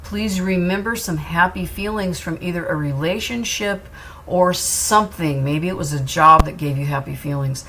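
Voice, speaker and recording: A woman's voice: fairly low pitch, moderate pace, a bit bright, a little hiss or hum. Earnest, reassuring woman tarot reader. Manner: earnest, reassuring, repeats phrases for emphasis. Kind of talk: tarot reading to camera.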